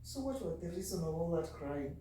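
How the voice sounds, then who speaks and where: A woman's voice: fairly low pitch, lively intonation, brisk, mellow, a little hiss or hum. A woman, a mother, chatting casually in a home vlog, sounding tired and talking to her baby in between. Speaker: vlogger and mother. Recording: echoey room, mic at a distance.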